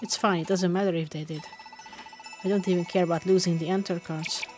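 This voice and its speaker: A woman's voice: fairly low pitch, fairly even intonation, fairly quick, a little mellow, soft background music, natural voice. A woman reading the lines of a protective game creature, pleading and anxious. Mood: relieved.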